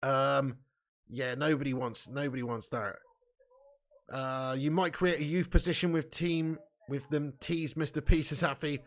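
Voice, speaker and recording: A man's voice: on the high side, moderate pace. A man hosting a live football watch-along, reading chat comments aloud with mocking banter, swearing and laughing.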